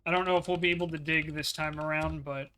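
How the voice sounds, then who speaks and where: A man's voice: on the high side, steady tone, fast, pushed and bright, smooth. A man hosting a let's play video, commenting as he plays and sighing and lamenting his setbacks with repeated dismay. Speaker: gaming video host.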